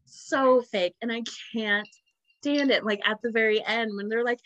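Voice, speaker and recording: A woman's voice: a little high, moderate pace, a bit bright, dry recording, low-quality recording. A woman from the Southern Midwest hosting a podcast, sarcastic and laughing often in casual chat. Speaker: podcast host.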